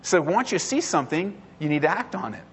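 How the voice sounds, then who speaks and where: Earnest high-voiced male pastor preaching. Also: animated, brisk, fairly bright tone, slight background noise. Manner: earnest, repeats phrases for emphasis, acts out quoted prayers. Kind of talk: sermon.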